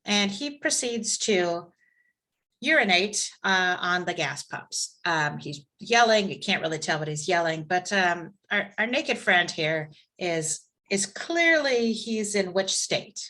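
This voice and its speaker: A woman instructor leading a live online class, telling a scenario in a conversational, lively way over a video call. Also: fairly low pitch, slow pace. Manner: conversational, lively storytelling with asides.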